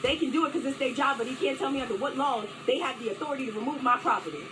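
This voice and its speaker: A woman's voice: sits high, rapid-fire. A woman confronting police officers in a heated street argument, defiant and profane, repeating her points. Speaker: citizen filming a police stop. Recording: distant voice with crowd and loud noise.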